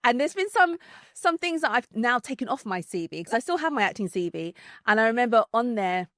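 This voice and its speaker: A woman with a London accent, a podcast guest telling a story in casual chat, animated, laughing often, with many fillers and restarts. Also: fairly high pitch, a little fast, dry recording.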